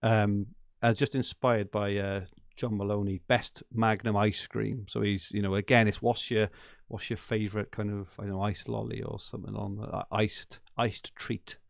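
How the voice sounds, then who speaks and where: A man's voice: on the low side, little pitch movement, moderate pace, vocal fry, no room sound, clean studio sound. A man hosting a podcast, chatting casually and enthusiastically, rambling and laughing often. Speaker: podcast host. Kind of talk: casual chat.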